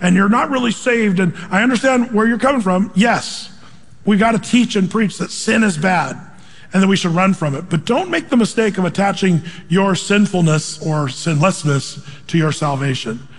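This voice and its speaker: High-voiced man preaching in a reverberant hall. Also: normal speed. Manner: animated preaching, quoting scripture and acting out voices. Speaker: pastor. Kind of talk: sermon.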